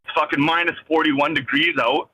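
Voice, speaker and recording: A man's voice: fairly high pitch, little pitch movement, normal speed, sharp tone, breathy edge. A man on a phone call from his vehicle, ranting in an agitated, rambling, swearing way with many restarts. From Canada. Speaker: caller. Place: in a vehicle driving.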